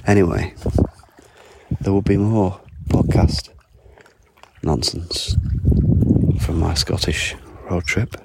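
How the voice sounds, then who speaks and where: A man's voice: low voice, fairly even intonation, measured pace, creaky, few pauses. A man chatting away in a rambling, self-mocking podcast monologue as he walks along an island beach. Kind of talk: casual walking podcast monologue. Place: outdoors on a foggy island beach. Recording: outdoor water noise. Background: lapping water.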